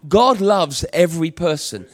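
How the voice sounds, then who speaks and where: A pastor with a fairly high, animated voice preaches at a measured pace, telling his congregation a personal story. His style is emphatic and repetitive, building to passionate appeals.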